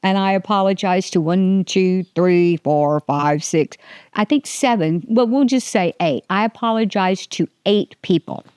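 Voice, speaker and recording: A woman's voice: medium pitch, measured pace, darkish tone, clear, resonant tone, dry recording. An older woman hosting a casual faith podcast, rambling and restarting her sentences, often laughing. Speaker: podcast host.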